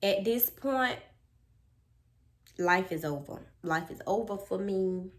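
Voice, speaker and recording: A woman telling a childhood story on her vlog, animated and dramatic, with lots of "like". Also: mid-range voice, takes it slowly. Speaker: storytime vlogger.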